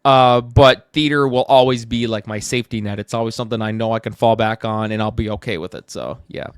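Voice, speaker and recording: A man's voice: fairly low pitch, fairly quick, clear, resonant tone, no echo, studio quality. A man from Canada, an actor and theatre director, speaking as a podcast guest in a reflective, casual way with plenty of fillers. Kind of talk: casual interview chat.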